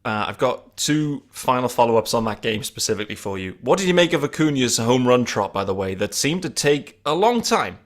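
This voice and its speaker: A man hosting a sports podcast, chatting in an animated way and laughing easily. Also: mid-range voice, a little fast, few pauses. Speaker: podcast host. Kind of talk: casual podcast chat.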